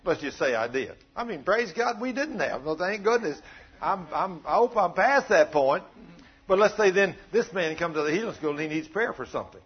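A man preaching a sermon, telling stories in a folksy, animated way. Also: high voice, moderate pace, slightly rough. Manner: folksy, animated storytelling with acted quotes. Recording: dull lo-fi sound.

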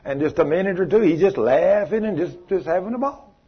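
A man preaching, telling stories in a folksy, animated way and acting out the voices in them. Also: sits high, a little fast, husky. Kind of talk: sermon storytelling. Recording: muffled lo-fi recording.

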